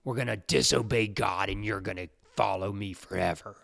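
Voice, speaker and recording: A man's voice: fairly low pitch, normal speed, gravelly, fairly bright tone, no room sound, clean studio sound, voice pushed down. A man doing a menacing devil's voice. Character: menacing male devil tempting at the door.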